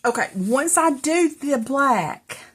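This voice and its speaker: Speaking slowly and expressively in a high, fairly bright voice, a middle-aged woman crafts in her home craft room indoors. She's out of breath and rambles on, chatting with viewers and talking herself through the work.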